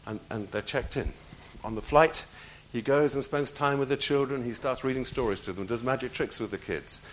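A man preaches a sermon in a mid-pitched voice. He swings between raised, emphatic lines and hushed, near-whispered stretches, and he repeats his key phrases for weight. Faint ambient noise sits under his voice. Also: moderate pace, low-quality recording.

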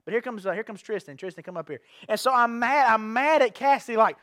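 A pastor preaches in a strikingly high voice for a man. He is earnest, circles back over his phrases and keeps putting questions to the congregation. The sound is dry and close, with almost no room around him. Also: animated, quick pace, a bit bright, dry recording. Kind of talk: evening sermon. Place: church sanctuary.

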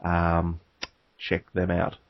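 An Australian man co-hosting a casual gaming podcast, easygoing and quick to chuckle. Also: sits low, monotone, dry recording, highs cut off. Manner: easygoing, laid-back, chuckling. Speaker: podcast co-host. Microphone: home podcast microphone.

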